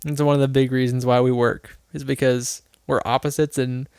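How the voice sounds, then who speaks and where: A man's voice: mid-range voice, little pitch movement, normal speed, darkish tone, clean tone, no room sound, clean studio sound. A man co-hosting a podcast, thinking aloud in a loose, rambling way with many restarts. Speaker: podcast co-host. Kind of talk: casual chat.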